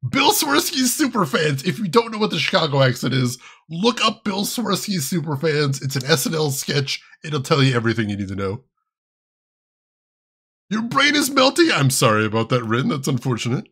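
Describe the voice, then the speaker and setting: A man's voice: fairly high pitch, sharp tone, husky. A man streaming a video game, chatting casually with his chat and laughing often. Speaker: gaming streamer. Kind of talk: casual gaming commentary.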